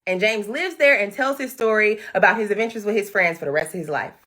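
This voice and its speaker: A woman's voice: medium pitch, fast, bright, forceful tone. A woman hosting a comedic movie recap, telling the story in a sassy, slangy style.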